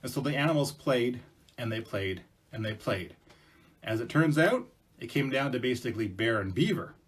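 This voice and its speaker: A man's voice: medium pitch, lively intonation, moderate pace, breathy edge. A man telling traditional stories to students in a chatty, casual way with asides and fillers. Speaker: storyteller presenting to schools. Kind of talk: casual oral storytelling.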